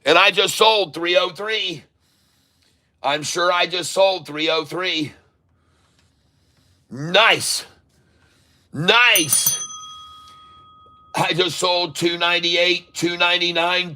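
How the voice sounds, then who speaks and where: Bright-voiced excitable trading streamer man. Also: fairly high pitch. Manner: excitable, coaching viewers, repeats prices aloud. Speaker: day-trading livestream host. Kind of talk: live trading commentary.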